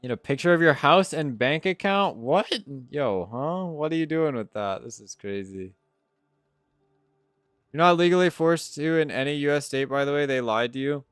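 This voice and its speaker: Male streamer, casual and profane, easily sidetracked, animated delivery, clean resonant voice. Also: medium pitch, clean tone, no room sound, clean studio sound. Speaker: live streamer answering chat. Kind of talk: casual live-stream chat.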